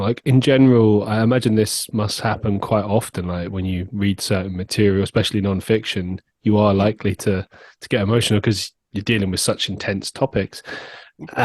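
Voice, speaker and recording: Sympathetic male podcast host, low voice. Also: darkish tone, dry recording, clean studio sound. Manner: friendly, sympathetic questioner. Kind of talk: interview.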